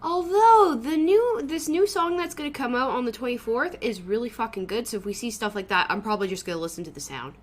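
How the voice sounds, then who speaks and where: Woman, streamer, casual live chat, sweary, laughs a lot, slightly high voice. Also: expressive, fast, hardly any pauses, a little hiss or hum. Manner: loose and sweary, laughs often.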